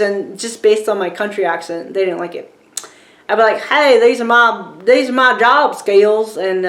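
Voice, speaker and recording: A chatty woman in her 40s from rural Virginia, with a medium-pitched voice and a Southern American accent, reviews a book while talking to camera for YouTube. She rambles casually, full of fillers and restarts, in an echoey room.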